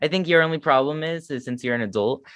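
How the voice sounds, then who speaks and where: A man's voice: a little high, quick pace, fairly bright tone, smooth, dry recording, studio quality. A man co-hosting a casual fan podcast, chatting enthusiastically and poking fun at himself. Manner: enthusiastic fan talk, self-deprecating. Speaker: podcast co-host. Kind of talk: casual chat.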